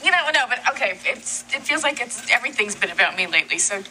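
A woman's voice: medium pitch, lively intonation, quick pace, a little hiss or hum, low-quality recording. An actress playing a blunt, moody pregnant young woman in a sitcom, talking offhand with small laughs. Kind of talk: sitcom acting. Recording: sitcom clip with loud ambience.

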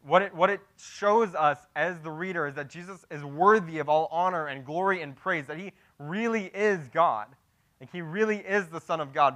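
A man's voice: fairly high pitch, moderate pace, bright, forceful tone. A young man preaching a sermon, teaching through a Bible passage in a casual, conversational way that builds to emphatic declarations.

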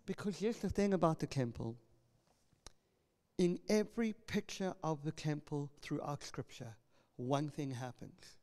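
A male pastor delivering an impassioned sermon, building to loud proclamations as he reads scripture aloud. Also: fairly high pitch, measured pace. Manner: impassioned preaching, rising to loud proclamations when reading scripture. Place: church hall. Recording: long reverb of a church hall.

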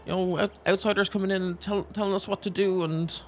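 A man's voice: sits high, flat delivery, quick pace, a little hiss or hum, pitched above the performer's own voice. A man putting on a proud, wary old village woman. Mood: grudging. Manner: grudging, defensive.

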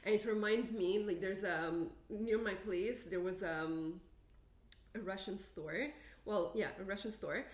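Young woman, podcast co-host, casual storytelling, animated, mid-pitched, echoey room. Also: unhurried. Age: young adult. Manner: animated storytelling, acts out quoted people with laughter. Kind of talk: casual chat. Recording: roomy echo.

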